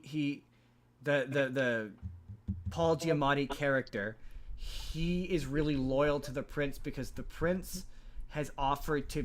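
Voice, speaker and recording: A man hosting a podcast, recapping a movie plot in a loose, rambling way with many restarts. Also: medium pitch. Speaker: podcast host.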